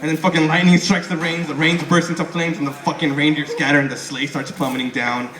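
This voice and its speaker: A man's voice: a little high, flat delivery, fast. A young man doing a stand-up comedy set, rambling, swearing and stammering through restarts. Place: comedy club stage. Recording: echoey club with crowd noise. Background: audience laughing.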